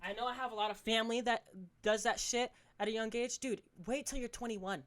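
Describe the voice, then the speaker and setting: A man's voice: extremely high pitch, fairly even intonation, a little fast, a bit bright. A teenage boy hosts a solo podcast rant. He talks in a heated, scolding way and swears constantly as he lectures the listener. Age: teens. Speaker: podcast host.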